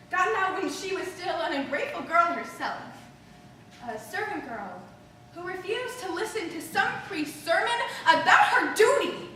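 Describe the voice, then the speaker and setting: An actress playing an emotional, restless stranded woman. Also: very high voice. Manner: emotionally charged, confessional storytelling. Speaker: stage actor performing a monologue. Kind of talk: theatrical monologue. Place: theater stage. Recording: distant echoey hall recording with background noise.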